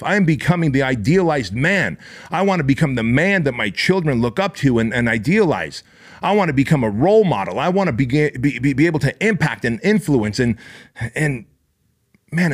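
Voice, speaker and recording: A man hosting a podcast, delivering an intense, profane, emphatic motivational monologue. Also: on the high side. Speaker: podcast host.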